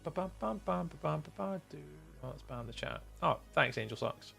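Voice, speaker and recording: Gravelly man with a mild Scottish accent. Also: mid-range voice, steady tone, brisk, pushed and bright, soft background music. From Scotland. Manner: chatty, replies to viewers' chat messages. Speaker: game streamer. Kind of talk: casual live-stream chat.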